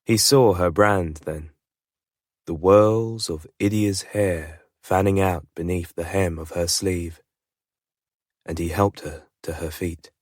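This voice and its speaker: A man narrating an audiobook in an unhurried, steady storytelling voice. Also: deep voice, no room sound, studio quality. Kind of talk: scripted narration.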